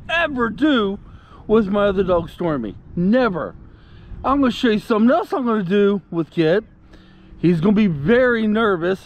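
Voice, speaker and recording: A man vlogging casually while walking his puppy outdoors, rambling and repeating himself and talking soothingly to the dog. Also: sits high. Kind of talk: casual chat to camera. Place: outdoors on a walk.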